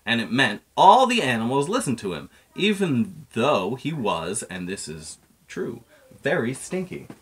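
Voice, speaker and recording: A man's voice: medium pitch, sing-song, unhurried, husky. A man reading a children's picture book aloud in a playful storytelling manner. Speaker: reader.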